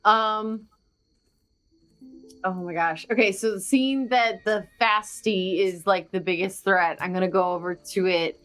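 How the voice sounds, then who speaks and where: A woman's voice: mid-range voice, steady tone, unhurried, fairly bright tone, faint music behind. A woman playing a tabletop game, talking casually with hesitant fillers. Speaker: player.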